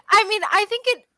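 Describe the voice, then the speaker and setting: A woman's voice: very high voice, pushed and bright. A young woman hosting a livestream, chatting casually, laughing a lot and swearing freely. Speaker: livestream host. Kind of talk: casual chat.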